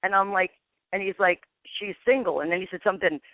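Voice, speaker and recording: Brisk and mid-range in pitch, this paranormal investigator rambles through a long story on a phone interview, acting out dialogue with "I'm like." The tinny, dry phone line has no echo.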